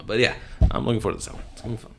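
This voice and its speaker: A man's voice: fairly low pitch, very fast, creaky, noisy background. Laid-back man chatting at home. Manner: laid-back, swears casually. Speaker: podcast host. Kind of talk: casual chat. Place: room at home.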